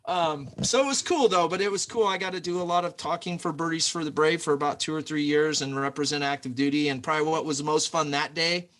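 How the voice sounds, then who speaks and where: A man's voice: fairly high pitch, fast, hardly any pauses, fairly bright tone. A man, a podcast guest from the United States, telling a long rambling anecdote in casual chat, loose and full of fillers.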